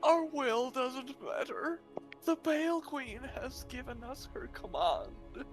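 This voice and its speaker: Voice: high-pitched, faint music behind, exaggerated voice. An actor voicing a broken, hopeless inner voice that urges surrender to fate. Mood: resigned. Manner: flat, defeated and slow.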